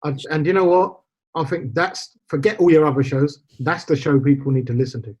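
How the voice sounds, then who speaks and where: A middle-aged man, a podcast guest, telling stories in an animated, chatty way. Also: a little high, brisk, husky. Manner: storytelling, animated. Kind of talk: casual interview chat. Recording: dull lo-fi sound.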